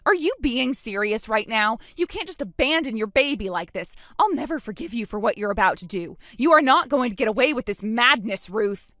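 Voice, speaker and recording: A woman's voice: on the high side, expressive, fairly quick, few pauses, a bit bright, no room sound, clean studio sound, faint music behind. A woman voicing an earnest young aunt who pleads for her brother's baby, in scripted dialogue. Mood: pleading. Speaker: voice actor in a text-story drama.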